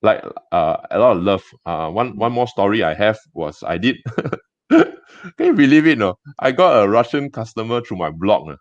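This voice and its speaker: A man with a Singaporean English accent, a gem business owner telling stories in a casual interview, chatty and halting with many restarts. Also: on the low side, very animated, no room sound. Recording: dull dry lo-fi sound.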